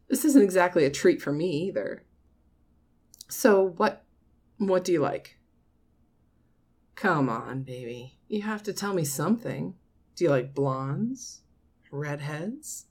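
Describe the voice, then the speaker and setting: A woman playing a doting mother who talks to her grown son in a soft, coaxing audio role-play. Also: deep voice, breathy edge, heavily acted. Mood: insistent teasing. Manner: soft, coaxing, slow, with frequent nervous laughs.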